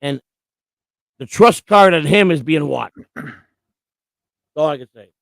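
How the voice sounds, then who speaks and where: A man's voice: a little high, unhurried, creaky, no room sound. A man co-hosting a casual live stream, talking bluntly and profanely in long rants. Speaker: co-host.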